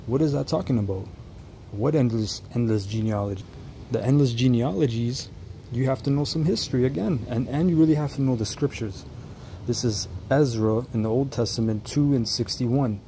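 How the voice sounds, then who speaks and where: A man with a dark, mellow voice gives commentary on a clip and reads Bible verses at a slow, deliberate pace. He stumbles and restarts as he explains. A faint hiss of noise sits under his voice. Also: medium pitch, low-quality recording. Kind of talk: reaction commentary with scripture reading.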